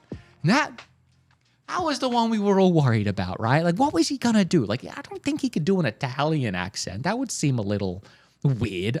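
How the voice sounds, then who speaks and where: A young man talking casually and energetically, reviewing a movie trailer for his stream, with some restarts. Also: sits high. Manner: lively, animated, frequent restarts. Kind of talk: casual commentary.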